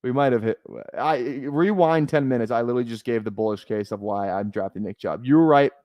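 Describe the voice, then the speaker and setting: A man's voice: mid-range voice, fairly quick, darkish tone, dry recording. A young man streaming live, chatting casually and thinking aloud as he talks. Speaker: fantasy football streamer.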